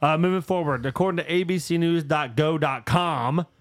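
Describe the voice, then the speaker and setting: A man's voice: on the high side, moderate pace, no room sound, clean studio sound. A man hosting a casual podcast, telling stories with lots of swearing and laughter. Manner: profane, storytelling, laughs often. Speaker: podcast host.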